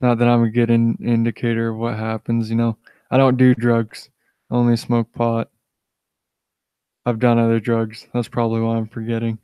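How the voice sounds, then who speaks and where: A young man talks into a desk microphone on his live stream, stoned and rambling. His voice sits in an ordinary middle pitch, and the sound is dry with no room around it. He airs blunt opinions and keeps restarting his sentences, padding them with "you know.". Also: completely flat delivery, moderate pace, clear, resonant tone, no echo, highs cut off. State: high on cannabis. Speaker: channel host live-streaming.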